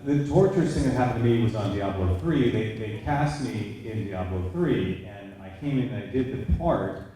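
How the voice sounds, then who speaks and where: Man telling an animated story in an echoey hall. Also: lowish voice, moderate pace, distant mic. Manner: animated storyteller, acts out quoted exchanges. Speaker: voice actor panelist. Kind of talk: anecdote on a convention panel. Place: large echoey convention hall.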